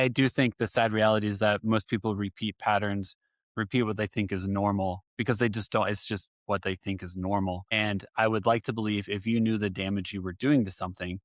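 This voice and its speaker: A man in his thirties hosts a podcast and talks candidly about raising his kids. His voice is on the low side, and his delivery is reflective and loose, full of casual asides. The recording is close and dry. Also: no room sound. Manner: candid, reflective, frequent "like" fillers. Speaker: podcast host, father. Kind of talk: conversational podcast interview.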